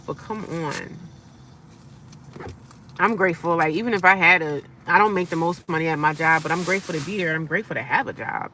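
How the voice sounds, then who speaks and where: A woman's voice: fairly low pitch, bright, forceful tone, recorded from a distance, slight background noise. A middle-aged woman chatting casually to her phone from inside her car, upbeat and self-encouraging with sassy asides. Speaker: vlogger living in her car. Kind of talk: casual live-stream chat.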